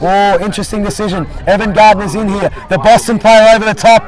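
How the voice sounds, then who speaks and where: Excitable commentator with crowd behind. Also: male voice, sits high, quick pace, few pauses, low-quality recording. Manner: jokey, excitable, repeats "I'll tell you what". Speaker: play-by-play commentator. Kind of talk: sports commentary. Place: outdoor sports field.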